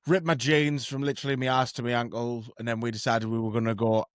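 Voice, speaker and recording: A man's voice: medium pitch, level tone, quick pace, smooth, no echo, studio quality. A man, a podcast host telling a story in a wry, self-mocking, casual way. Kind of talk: casual chat.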